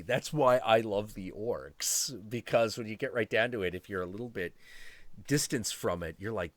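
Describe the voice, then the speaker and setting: A man hosting a live stream, chatting casually in a rambling, profane way with quick asides and chuckles. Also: on the low side, lively intonation, fairly bright tone.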